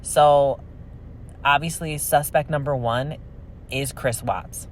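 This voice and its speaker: A man's voice: a little high, slow, slight background noise. Chatty man telling a true crime story. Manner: chatty, opinionated, animated retelling. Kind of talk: casual storytelling narration.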